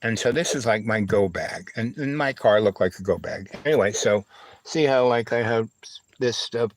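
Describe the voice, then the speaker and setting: This livestream host speaks in a fairly low, animated voice as he meanders through a long personal tale, and the audio is rough. He hesitates constantly, restarting sentences, padding with fillers and checking in with "you know, right?"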